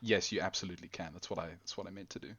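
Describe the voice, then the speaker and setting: A man's voice: sits low, steady tone, racing, fairly bright tone, dull audio. A man narrating a tabletop role-play game as game master, rambling and correcting himself. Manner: rambling, self-correcting, laughs often.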